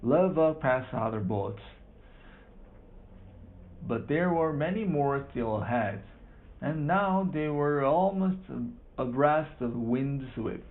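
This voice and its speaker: A man reading a children's book aloud for practice, halting, repeating and correcting words. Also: medium pitch. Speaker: reader. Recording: tinny phone-like sound.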